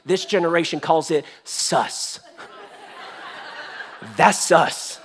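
A man preaching a sermon as pastor, telling a story in an animated, joking way. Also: on the high side, slow pace, breathy edge. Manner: animated, jokey storytelling with acted voices. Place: church.

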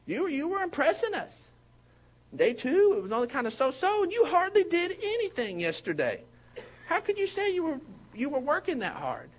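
A man's voice: extremely high pitch, wildly swooping pitch, moderate pace, pitched above the performer's own voice, exaggerated voice. A man voicing a matter-of-fact logging foreman who critiques a worker, curt and critical.

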